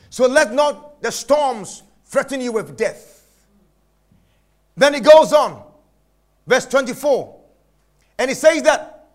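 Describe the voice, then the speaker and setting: A male preacher giving a sermon, emphatic, repeating phrases and swinging between shouts and hushed lines. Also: extremely high pitch, sing-song, a little slow.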